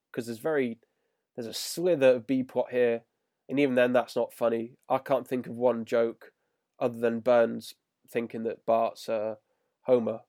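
Casting note: male co-host, mellow tone, dry close mic, exasperated review chatter. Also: medium pitch, no room sound. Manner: grumbling, exasperated critique. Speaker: podcast co-host. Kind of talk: casual episode review chat.

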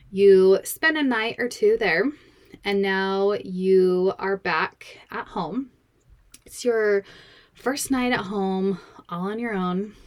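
Bubbly, slow-talking woman podcast host. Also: mid-range voice. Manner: bubbly, laughs often. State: slightly out of breath. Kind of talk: casual podcast talk.

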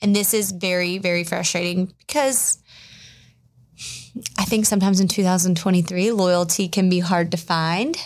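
A woman's voice: fairly low pitch, fairly even intonation, moderate pace. A woman co-hosting a podcast, chatting casually with many fillers and a self-deprecating tone. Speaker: podcast co-host.

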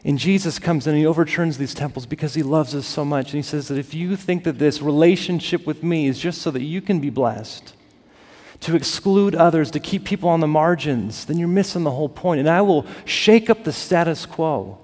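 A man preaching a sermon as pastor, building to emphatic peaks and dropping to soft, quiet lines. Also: fairly high pitch, moderate pace. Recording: long reverb of a large hall.

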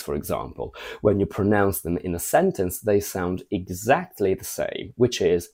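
A man's voice: sits low, very animated, normal speed, few pauses, darkish tone, breathy edge. A man teaching English pronunciation in a video lesson, spelling words out letter by letter and carefully modeling phrases.

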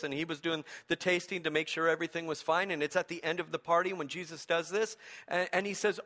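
A man preaching with animated, humorous storytelling, his voice somewhat high and bright with a forceful, tense edge. He swings between quick asides and slower, emphatic points. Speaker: pastor. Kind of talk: sermon.

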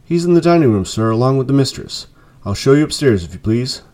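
Man voicing a young housemaid, polite, deferential, higher voice. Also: animated, a little fast, darkish tone, close to an everyday voice. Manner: raised, deferential voice.

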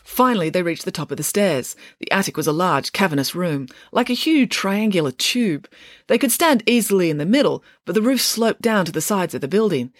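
A woman reading her own children's novel aloud in a lively, expressive storytelling manner. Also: lowish voice, fairly quick, no echo, studio quality. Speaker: author reading her book. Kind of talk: audiobook narration.

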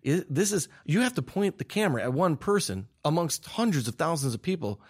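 A young man, a filmmaker guest, telling an animated story with laughs and quick restarts. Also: a little high, breathy edge. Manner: excitable, laughing, restarts mid-sentence.

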